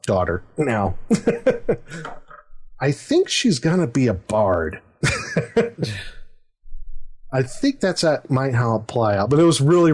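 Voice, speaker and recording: A man's voice: mid-range voice, darkish tone. A middle-aged man hosting a podcast, rambling through a casual anecdote about running a tabletop game, with many fillers and chuckles. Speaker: podcast host and game master.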